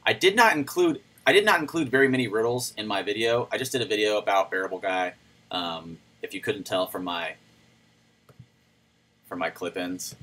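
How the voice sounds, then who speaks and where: On a casual crypto livestream, a man chats loosely and greets viewers by name while reading out their comments. His voice is on the low side with a sharp tone at normal speed, and the audio quality is poor.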